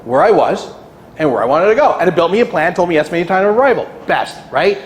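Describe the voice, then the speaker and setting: A man giving an energetic motivational talk at an office meeting, often asking "right?" and acting out anxious clients in high, quick bursts. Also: a little hiss or hum. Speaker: guest speaker at a realty kickoff meeting. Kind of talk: motivational presentation. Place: meeting room. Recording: echoey room.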